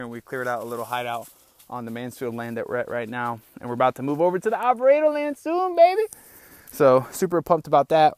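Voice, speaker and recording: A young man talks through his day on his own podcast, rambling and open, tossing in "bro" and "man" as he goes. He is a little out of breath. His voice sits at an ordinary pitch and is recorded dry and close. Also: no echo. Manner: rambling, candid, calls listeners "bro" and "man". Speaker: podcast host. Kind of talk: casual solo podcast talk. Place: small outdoor hideout on rural land.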